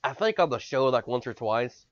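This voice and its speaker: A man co-hosting a podcast in loose, casual chat, excitable and rambling, swearing freely as he gets carried away. His voice sits at an ordinary middle pitch. The sound is dry and a little dull, like a cheap podcast mic. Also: moderate pace, no echo. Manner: excitable, rambling, swearing, big swings in loudness. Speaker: podcast co-host.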